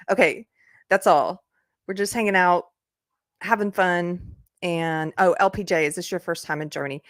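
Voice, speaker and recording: Chatty low-voiced woman hosting a livestream. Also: no echo, clean studio sound. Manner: chatty, laughs often, rambling asides. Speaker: livestream host. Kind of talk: casual live chat. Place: indoors, upstairs room.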